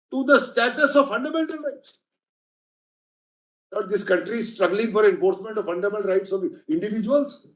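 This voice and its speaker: A man's voice: extremely high pitch, a bit bright. A man with an Indian English accent arguing a case before judges in court, emphatic and persistently addressing the bench as my lord. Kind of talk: courtroom legal argument. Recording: echoey courtroom.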